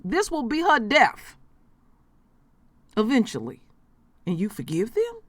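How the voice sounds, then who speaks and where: A woman's voice: a little high, wildly swooping pitch, slow pace, no echo. A woman vlogger giving emotional commentary in a blunt, emphatic way, swearing freely.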